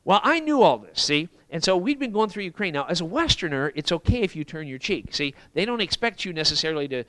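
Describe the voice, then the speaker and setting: A male preacher tells a story from the pulpit of a church, his bright voice rising and falling over a wide range. He acts out the exclamations of the people he quotes. The sound is close and dry. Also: on the high side, very animated, fast talker, dry recording. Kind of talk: sermon storytelling.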